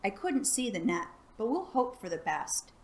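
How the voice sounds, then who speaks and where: A woman voicing a brave, clever young boy adventurer in a storybook read-aloud, hushed and earnest. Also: medium pitch, sing-song, normal speed, close to an everyday voice. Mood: hushed planning.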